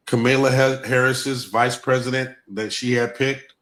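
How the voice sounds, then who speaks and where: A man's voice: medium pitch, flat delivery, measured pace, fairly bright tone. A man giving an emphatic livestream talk, repeating key points with a Black lilt. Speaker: guest presenter.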